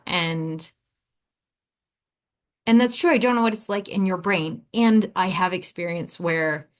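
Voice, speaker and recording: A woman's voice: lowish voice, measured pace, long pauses. A woman hosting a podcast, telling a personal story in a candid, rambling way, full of asides and acted-out quotes of herself and others. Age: adult, four and a half years sober. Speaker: podcast host.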